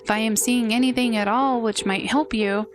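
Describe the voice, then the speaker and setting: Calm wise space being a woman puts on, slow measured talk, game music. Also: fairly high pitch, natural voice. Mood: serene.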